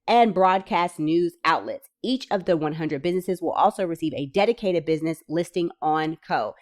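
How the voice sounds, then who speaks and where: A woman with a fairly low voice reads a list of grant benefits aloud. She keeps stopping to add casual, enthusiastic remarks to her viewers. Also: moderate pace. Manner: enthusiastic, chatty asides, bursts of excitement. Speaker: small business funding vlogger. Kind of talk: reading out grant details with casual commentary.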